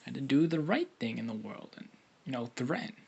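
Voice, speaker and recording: A man's voice: mid-range voice, big pitch swings, brisk, gravelly, a little mellow, breathy edge, muffled recording, full character voice. A man voicing a cocky, mischievous teenage boy ninja in a rambling, filler-heavy way. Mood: defensive.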